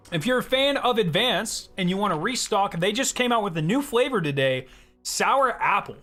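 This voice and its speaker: Hyped young guy streaming, bright high voice, talking to chat w/ faint music behind. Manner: excitable, reads chat aloud and answers. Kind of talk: casual live-stream chat.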